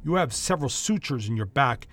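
A man's voice: medium pitch, expressive, a little fast, a bit bright. A man voicing a tired, fatherly male doctor who speaks matter-of-factly. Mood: calm.

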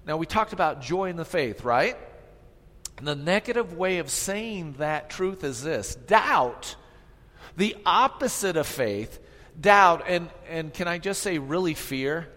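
A man delivers a sermon in a fairly high voice, driving points home through repetition and direct questions to the people in front of him. His words ring out in a church sanctuary with a long trailing reverb. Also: expressive, unhurried, fairly bright tone. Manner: emphatic, repeats phrases for effect, asks the congregation questions. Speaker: pastor.

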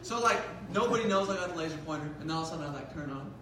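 A young man giving a sermon as a youth pastor, telling a funny school story in an animated way with lots of "like". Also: a little high, racing, very noisy. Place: large hall. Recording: echoey hall, mic at a distance.

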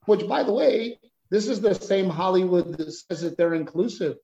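Animated male comedian, roomy dull sound. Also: high voice, normal speed, vocal fry. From United States. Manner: animated storytelling, acts out other voices. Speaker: stand-up comedian, guest. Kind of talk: conversational interview answer.

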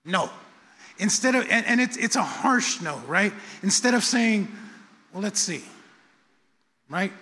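A middle-aged pastor preaches a sermon in a church sanctuary, his high voice pushed and bright, with lively intonation at a moderate pace. He talks conversationally and repetitively, slipping in self-deprecating asides. The recording carries the long reverb of a church hall.

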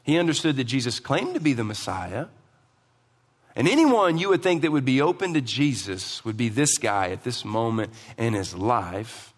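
A man's voice: medium pitch, sing-song, normal speed. A man preaching a sermon as pastor, emphatic and asking the congregation questions, in a church hall. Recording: long hall reverb.

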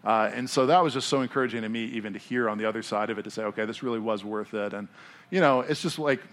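A man's voice: on the low side, quick pace. An American man preaching a casual, conversational sermon in church, telling stories with lots of fillers. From United States. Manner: animated storytelling with many fillers. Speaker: pastor. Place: church in Denver.

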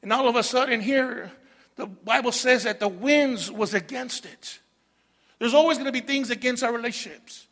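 A middle-aged man preaching a sermon, animated, with call-and-response asides to the congregation. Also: very high voice, moderate pace, in a large hall. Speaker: pastor.

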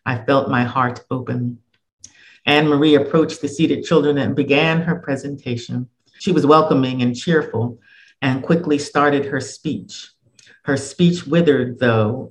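Guy reading his own essay out loud, calm and measured, middle pitch. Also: poor audio. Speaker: narrator.

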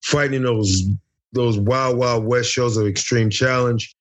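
This middle-aged American man, once a fighter, is a boisterous, foul-mouthed interview guest acting out the lines of a wild story. His pitch is medium with fairly even intonation, and his pace is measured.

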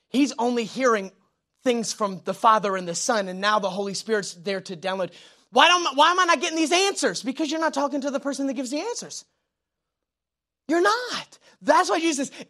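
A young man preaching a sermon. He talks informally, telling jokes and personal stories, and moves between loud emphatic lines and quiet prayerful asides. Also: very high-pitched. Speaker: pastor.

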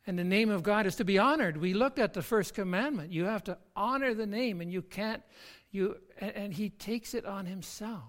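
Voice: medium pitch, moderate pace, fairly bright tone, long reverb tail. A pastor preaching a sermon, emphatic and often repeating words while building a point. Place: church.

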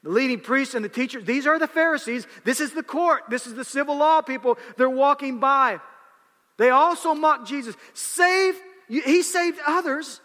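Very high-pitched and speaking at a moderate pace, a preacher delivers a dramatic, animated sermon, repeating words as he acts out scenes while his voice echoes with long reverb through a church hall.

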